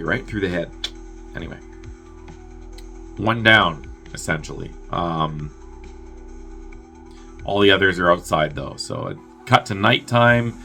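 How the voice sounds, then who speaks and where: A man with a somewhat low voice and a bright, forceful edge recaps a movie plot in casual, loose chat. He swears freely and leans on "like". He keeps breaking into quick acted-out lines for the characters. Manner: loose and chatty, full of "like" and swearing. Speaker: movie review host.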